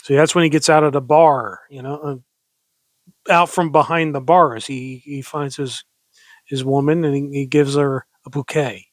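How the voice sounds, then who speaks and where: A man's voice: mid-range voice, steady tone, no room sound. Chatty man reading old poems aloud. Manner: rambling, self-directing, chatty between poems; slow, dramatic recitation with mock pirate growls. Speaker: poetry reader. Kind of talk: casual poetry reading with asides.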